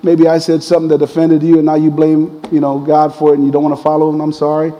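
High-voiced preacher man in an echoing hall. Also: quick pace, dull audio. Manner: conversational, animated retelling with quoted voices. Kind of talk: sermon with personal storytelling.

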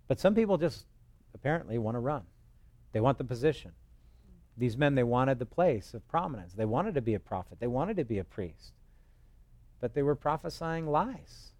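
A man's voice: medium pitch, lively intonation, moderate pace, long pauses, mellow, no room sound. Guy preaching, chatty storytelling pastor, cracks jokes, dry close sound. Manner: conversational storyteller with joking asides; acts out quoted voices. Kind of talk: expository sermon.

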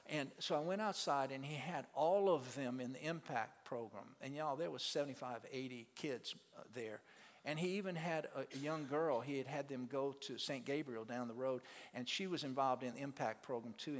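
A man's voice: medium pitch, fairly quick. A man telling a testimony as a ministry teacher, an earnest storyteller who stumbles and repeats his words. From South Louisiana. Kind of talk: testimony talk to a church audience. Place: auditorium. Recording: long hall reverb.

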